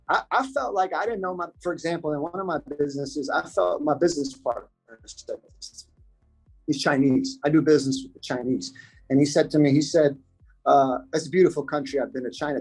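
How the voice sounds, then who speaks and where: A man's voice: a little high, slightly rough, poor audio. A man from the United States, a podcast guest talking in a casual interview, earnest and repeating his points for emphasis.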